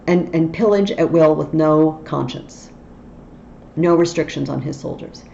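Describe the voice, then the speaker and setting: A woman's voice: low-pitched, measured pace, gravelly, warm tone. A woman teacher explaining a play in a literature tutorial, with wry asides, on a dull, faintly noisy recording.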